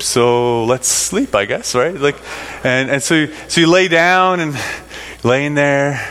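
In a large hall with lingering reverb, a middle-aged man with a medium, somewhat bright voice tells the congregation a meandering personal story, stumbling through fillers and fresh starts.

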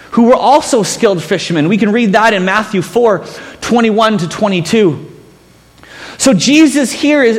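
A man's voice: high-pitched, big-room sound. A man preaching a sermon as pastor, telling stories with self-mocking humor.

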